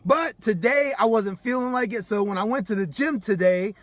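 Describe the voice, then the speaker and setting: Pumped-up male life coach, high voice. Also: moderate pace, no echo. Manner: hyped, street-casual, keeps saying "man"; loose and unpolished, swears freely. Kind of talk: live-streamed motivational talk.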